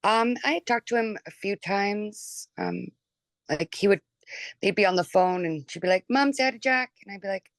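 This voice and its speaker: A middle-aged woman, a mother telling her story in an interview, chatty and animated, filling her talk with 'like' and acting out what people said. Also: medium pitch, normal speed, dry recording. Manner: chatty and animated, full of 'like' and acted-out quotes. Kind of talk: emotional personal recollection.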